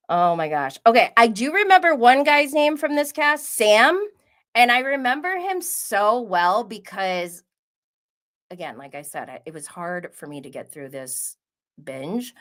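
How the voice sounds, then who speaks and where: A woman's voice: fairly low pitch, fairly bright tone. A woman hosting a casual solo recap, chatty and giggly, full of "like" and asides. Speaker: podcast host recapping reality TV.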